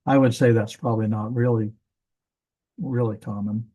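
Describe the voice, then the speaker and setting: Mellow-voiced man teaching Hebrew grammar. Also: lowish voice, steady tone, normal speed, poor audio. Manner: casual, thinking aloud with self-corrections. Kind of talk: classroom grammar lesson.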